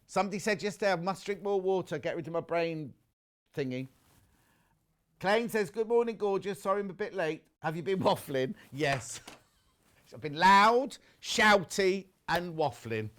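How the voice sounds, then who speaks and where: In a TV studio, a middle-aged shopping-channel presenter speaks in a high voice at a moderate pace. His live selling is chatty and full of gossip, and he cheerfully reads out messages sent in by viewers.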